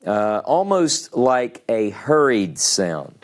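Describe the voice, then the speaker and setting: A man's voice: on the low side, sing-song, slow. A man teaching a beginners' class, explaining patiently step by step at a board and checking in with his students. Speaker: Hebrew teacher. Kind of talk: classroom lesson.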